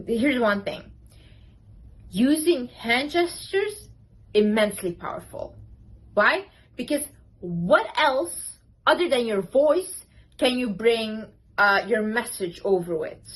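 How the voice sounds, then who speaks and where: A woman's voice: on the high side, lively intonation, slow pace, slightly rough, low-quality recording. A young woman vlogger giving casual, emphatic confidence advice to camera, full of "like"s and "literally"s. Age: young adult. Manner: chatty and emphatic, many "like"s and "literally"s. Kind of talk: casual motivational talk to camera.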